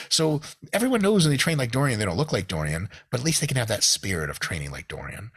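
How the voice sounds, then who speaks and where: A man's voice: mid-range voice, very animated, fast talker, few pauses, husky. A man in casual podcast chat, ranting animatedly with plenty of swearing. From United States. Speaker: podcast guest.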